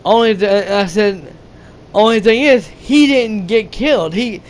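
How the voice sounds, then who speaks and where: Man, high voice, casual movie recap, rambling, restarts a lot, salty language. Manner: rambling, halting retelling with many restarts; casual and profane. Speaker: gaming channel host.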